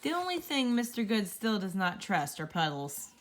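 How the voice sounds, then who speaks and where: A woman reading a children's picture book aloud, telling it with playful, expressive storytelling. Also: medium pitch, normal speed. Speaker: storybook reader.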